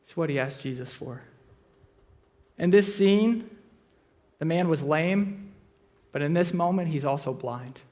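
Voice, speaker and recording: A pastor with a notably high voice preaches to his congregation in a church auditorium. He keeps it conversational and teases the room as he tells stories from his own life. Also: animated, measured pace, pauses often, a little mellow. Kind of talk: sermon with humorous personal stories.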